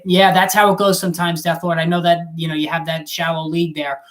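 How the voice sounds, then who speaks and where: A man's voice: fairly high pitch, flat delivery, fast talker, hardly any pauses, a bit bright. A man hosting a live fantasy football stream, answering chat questions in a blunt, casual way and swearing now and then. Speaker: fantasy football show host.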